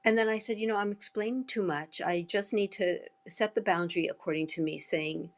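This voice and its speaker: A woman's voice: mid-range voice, brisk. A woman speaking as a guest in an audio chat room, thoughtful and telling stories from her own work. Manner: thoughtful, storytelling.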